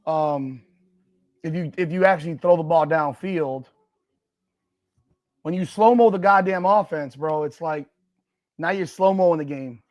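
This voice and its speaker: A man hosting a live watch party, reacting loudly and profanely to a football game and arguing with the chat. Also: fairly high pitch, unhurried, long pauses. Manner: excitable, profane, argues with chat and the broadcast.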